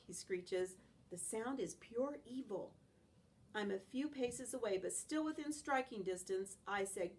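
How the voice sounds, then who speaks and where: A woman reading a children's novel aloud in an expressive, animated first-person style. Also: mid-range voice, measured pace, creaky. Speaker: audiobook reader.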